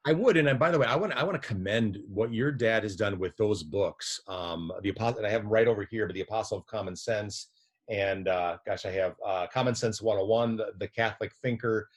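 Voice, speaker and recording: Middle-aged guy with a low husky voice, rambling interview story, keeps restarting. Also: fairly quick. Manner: rambling, frequent restarts and repeated words. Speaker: guest, physician and editor.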